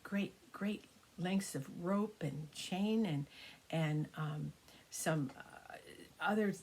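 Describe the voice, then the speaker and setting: An older woman, a grandmother, improvising a children's story, animated and sometimes dropping to hushed whispers. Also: fairly low pitch.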